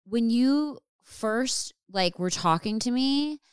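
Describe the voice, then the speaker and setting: A woman hosting a casual conversation, talking in an amazed, halting way with many fillers. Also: a little high, animated, clean tone, no room sound, clean studio sound. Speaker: host.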